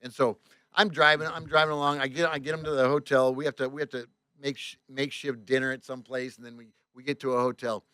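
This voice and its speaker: A man, a tour bus driver, telling a story on a podcast in casual chat, repeating words, swearing and getting loud when quoting people. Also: medium pitch, flat delivery, fast, smooth, dry recording.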